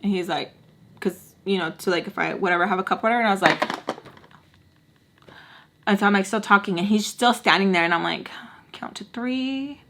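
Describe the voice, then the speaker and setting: Animated young woman telling a story. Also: mid-range voice, fairly quick, creaky, pauses often, background noise. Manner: animated, slangy, acts out every quote. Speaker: vlogger. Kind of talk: casual storytime.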